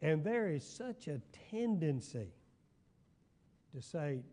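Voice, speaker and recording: Slow-talking older pastor. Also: male voice, fairly high pitch, big pitch swings, warm tone. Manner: folksy storytelling, asks the room if they follow. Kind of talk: Bible study teaching. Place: church hall.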